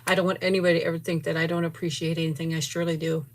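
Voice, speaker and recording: A deep-voiced middle-aged woman races along in a level tone, hosting a casual livestream of chat and food tasting. She samples a sweet, giggling often and thanking viewers by name with great enthusiasm.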